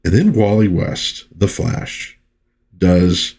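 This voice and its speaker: A man's voice: deep voice, expressive, slow pace, darkish tone. A man hosting a casual comic book review vlog, chatty and easygoing. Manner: chatty with frequent fillers and restarts.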